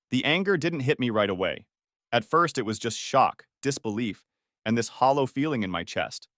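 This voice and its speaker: Expressive male storyteller with a lively voice. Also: medium pitch, normal speed, dry recording, clean studio sound. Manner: emotional, with angry outbursts in quoted lines. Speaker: narrator. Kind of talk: first-person story narration.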